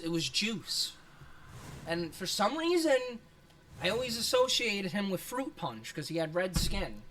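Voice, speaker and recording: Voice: mid-range voice, a bit bright. A streamer chatting casually over a game, rambling, swearing often, laughing a lot and self-conscious about their voice. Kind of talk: casual gaming stream commentary.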